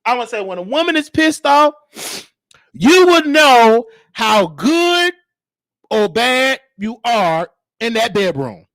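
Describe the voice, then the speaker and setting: High-pitched animated man telling stories. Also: slow, creaky, dry recording, studio quality. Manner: animated, acts out quotes, frequent laughter. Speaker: host. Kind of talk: storytelling monologue.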